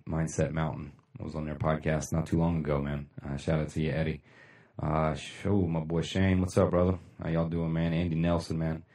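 A man hosting a casual motivational livestream, talking bluntly with lots of swearing and shout-outs to viewers. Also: extremely low pitch, reverberant, recorded from a distance. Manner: blunt, profane, rambling, laughs often. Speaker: livestream host.

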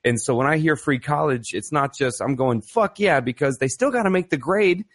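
A man's voice: medium pitch, animated, fairly quick. Casual: guy in a chat, blunt and sweary, leans hard on his points. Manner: blunt, profane, emphatic. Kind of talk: casual conversation.

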